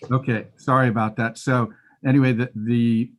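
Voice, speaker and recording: A man's voice: mid-range voice, little pitch movement, normal speed, slight background noise. A man giving a facilities presentation to a committee over a remote call, explaining steadily with some fillers. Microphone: remote call audio.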